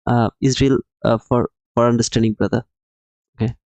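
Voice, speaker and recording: A man's voice: mid-range voice, steady tone, moderate pace, darkish tone, no room sound, low-quality recording. A man hosting a live trading stream who explains the market emphatically, repeats his points and calls his viewers brother while answering the chat. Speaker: livestream trading host.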